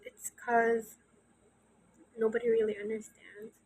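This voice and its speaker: A woman in her early twenties, soft-spoken and hesitant, talking openly to her channel in a casual, confessional way. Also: a little high, little pitch movement, slow pace, slightly rough, low-quality recording. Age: early 20s. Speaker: channel host.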